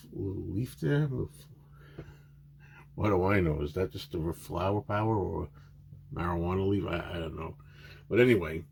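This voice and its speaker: A man casually showing off his autograph collection, chatty and enthusiastic, rambling with many filler pauses and restarts. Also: sits low, darkish tone, slight background noise. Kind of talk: casual show-and-tell narration.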